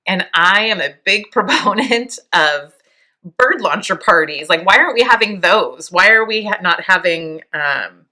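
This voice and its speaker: A woman in her fifties hosting a podcast, speaking in a reflective, halting way, close to tears and laughing softly now and then. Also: on the low side, expressive. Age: 50s. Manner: soft, halting, near tears, with small laughs. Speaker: podcast host. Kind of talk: reflective personal monologue.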